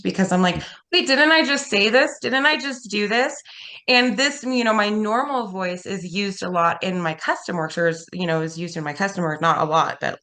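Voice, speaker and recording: A woman interviewed in a casual chat, talking in a relaxed, rambling way with many restarts. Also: on the low side. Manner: relaxed, rambling, laughs often. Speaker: interview guest, content creator.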